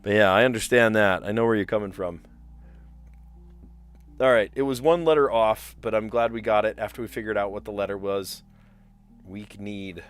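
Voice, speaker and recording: Low-voiced man muttering puzzle guesses. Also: moderate pace, pauses often, clear, resonant tone. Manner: thinks aloud, muttering guesses; chatty with viewers. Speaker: streamer solving word puzzles. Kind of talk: casual live-stream puzzle commentary.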